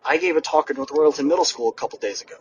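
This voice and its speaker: Young guy pepping up his listeners, voice a bit high, mic far off and muffled. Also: racing. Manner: energetic, addresses listeners directly. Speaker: podcast host and motivational speaker. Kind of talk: motivational monologue. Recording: distant mic with background noise, poor audio.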